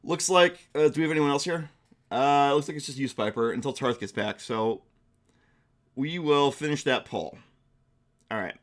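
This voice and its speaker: A man's voice: medium pitch, normal speed, pauses often. Man, game master, casual streamer narration, thinking aloud, mid-range voice. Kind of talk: narrating a Twitch-chat tabletop game.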